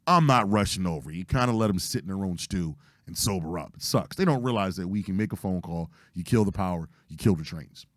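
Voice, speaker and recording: A hoarse man, telling a story casually as podcast host, animated and profane, acting out what people said. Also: deep voice, fairly quick, hardly any pauses, no room sound, studio quality. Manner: animated, profane retelling with acted-out quotes.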